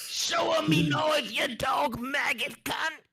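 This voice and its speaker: A man's voice: very high voice, slow, voice pushed up, full character voice. A man putting on a crude, rowdy male goblin with an Australian accent. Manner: shouted, crude, laughing.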